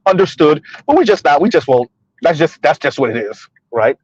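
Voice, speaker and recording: A man's voice: fairly high pitch, very animated, fairly quick, a little mellow, breathy edge, no echo, highs cut off. A man in his thirties giving casual livestream commentary, rambling and repeating himself, laughing at his own jokes.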